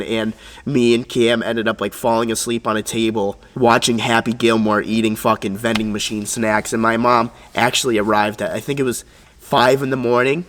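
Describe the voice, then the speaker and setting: A young man vlogging, telling a story in a casual, animated, profane way and acting out the voices of others. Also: mid-range voice, big-room sound.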